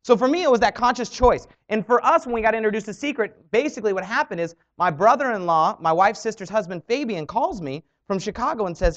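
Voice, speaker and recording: A young man speaks to an audience in a bright, high voice that leaps up and down with each point he makes. He talks in a motivational style and slips into quick little impressions of other people. The recording sounds dull and lo-fi. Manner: animated, acts out quoted voices. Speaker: network marketing speaker.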